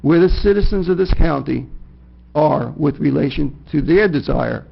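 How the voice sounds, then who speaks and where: A man's voice: on the high side, lively intonation, moderate pace, creaky, breathy edge. A man speaking as a county commissioner in a meeting, making urgent, repetitive appeals to the board. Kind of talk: formal meeting statement. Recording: muffled meeting-room recording.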